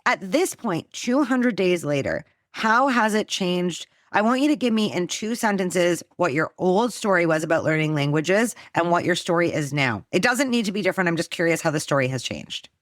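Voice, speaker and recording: A woman hosting a casual podcast conversation, talking in an animated, teacher-like way, quick to joke and swear. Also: lowish voice, dry recording, studio quality. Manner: coaching and teacher-like. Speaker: podcast host.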